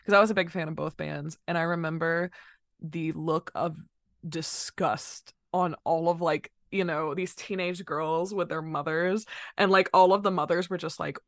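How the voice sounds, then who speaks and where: A woman's voice: low-pitched, normal speed, no echo. Chatty young woman, dry close sound. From North Carolina. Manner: chatty, laughs often, animated storytelling. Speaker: guest musician. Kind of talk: casual podcast chat.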